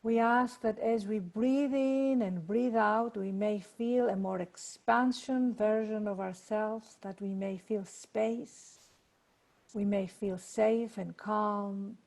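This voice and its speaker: A woman leading a guided meditation and prayer over a video call, speaking in a slow, soothing way. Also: mid-range voice, fairly even intonation, creaky, darkish tone. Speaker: workshop leader.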